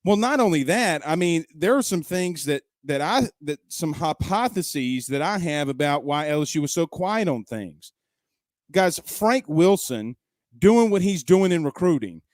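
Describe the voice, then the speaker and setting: A male sports talk host with a slightly high voice, speaking in a dry, close sound. He argues his points with emphasis, repeats himself for effect and fires off rhetorical questions. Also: lively intonation, unhurried, dry recording. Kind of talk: opinionated sports talk commentary. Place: at home.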